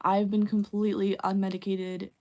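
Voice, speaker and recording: Young female streamer, casual live chat, blunt and profane, mid-range pitch. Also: level tone, moderate pace, mellow. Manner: candid, frequent swearing. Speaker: livestreamer.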